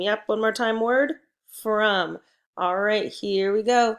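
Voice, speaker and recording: A woman teacher leading a phonics lesson for young children, slow and patient, with a call-and-response manner. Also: medium pitch, gravelly.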